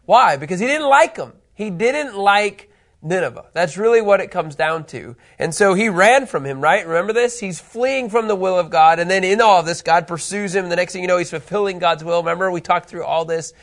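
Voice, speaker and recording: A man with a fairly high voice leads a relaxed Bible lesson in a classroom. He talks in a chatty way, throws questions to the group and restarts his phrases as he goes. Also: fairly quick. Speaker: Bible teacher. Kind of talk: casual classroom Bible teaching.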